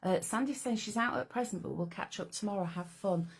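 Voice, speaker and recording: A woman's voice: mid-range voice, a little fast, husky. A woman hosting a casual live craft stream, chatting away and greeting viewers by name. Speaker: livestream host.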